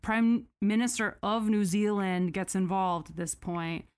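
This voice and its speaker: A woman hosting a podcast, retelling a story in a casual, animated, sarcastic way with mock quotes. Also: mid-range voice, unhurried, clear, resonant tone. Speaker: podcast host.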